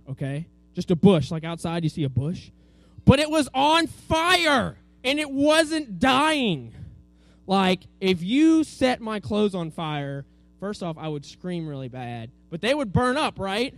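A man teaching a children's Bible lesson, telling the story with energy and asking the kids to repeat words after him. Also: high voice. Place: room with a group of children.

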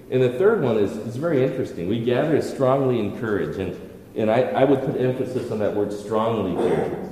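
Male pastor, mid-pitch mellow voice, earnest sermon delivery, booming church echo. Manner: earnest preaching with repeated restarts and rhetorical questions. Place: church hall. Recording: echoey hall with long reverb.

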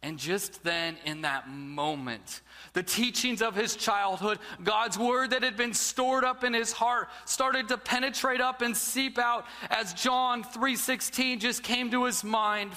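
High, bright-voiced preaching man. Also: a little slow, long reverb tail. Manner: storytelling, dramatic drops to a near-whisper. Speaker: pastor. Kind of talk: sermon.

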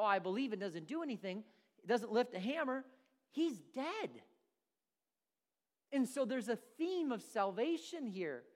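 A man preaching a sermon, animated and acting out characters in his stories. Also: high voice. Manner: animated, acts out voices in stories.

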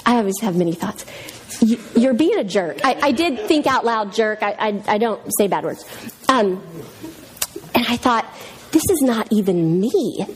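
A woman's voice: fairly high pitch, expressive, moderate pace. A woman in her thirties or forties giving a church talk, chatty and self-mocking, laughing often as she tells a story. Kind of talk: sermon-style storytelling.

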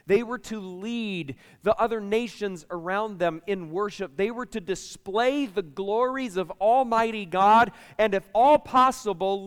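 A man preaching a sermon, a pastor telling lively stories and talking with his congregation. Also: sits high, clean tone, big-room sound. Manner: lively, chatty storytelling with the congregation.

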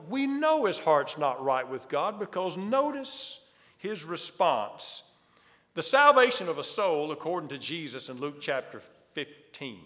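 Man preaching in a church, high voice, lots of rhetorical questions, big echoey sanctuary. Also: a bit bright. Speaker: pastor. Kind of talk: sermon.

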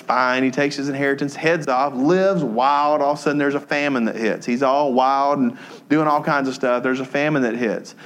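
A male pastor preaching a sermon, telling a story that drops soft and low when he is moved, then rising into emphatic teaching.

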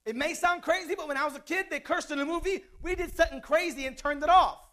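Male preacher, very high voice, bright and forceful tone, chatty sermon with jokes. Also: quick pace. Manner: conversational preaching with jokes and asides.

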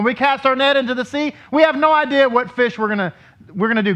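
A man's voice: very high-pitched, fast, fairly bright tone. A man leading his congregation as rabbi, giving a sermon in a conversational way and asking them questions, heard in a synagogue sanctuary. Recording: dull lo-fi recording.

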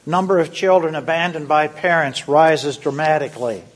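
A man reading a scripted Lenten devotion in a measured, solemn way. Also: fairly high pitch. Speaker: devotion reader.

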